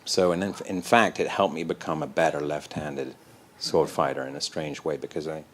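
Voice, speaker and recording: A man, a guest in an interview, telling animated, self-deprecating stories and acting out the voices. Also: extremely low pitch, moderate pace, a little hiss or hum. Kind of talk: anecdotal storytelling in an interview.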